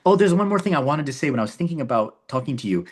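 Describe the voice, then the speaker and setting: A man's voice: fairly high pitch, sing-song, rapid-fire. A man being interviewed about his own filmmaking, talking animatedly and often repeating words and restarting his sentences. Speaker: filmmaker guest. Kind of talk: casual interview talk.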